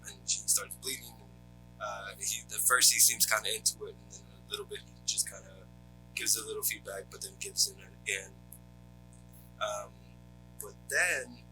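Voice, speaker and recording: Low bright-sounding guy recapping a movie on a podcast, lots of ums, little bit of guitar music behind. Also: poor audio. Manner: steady recap, frequent ums and uhs. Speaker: podcast co-host. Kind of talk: casual movie recap chat.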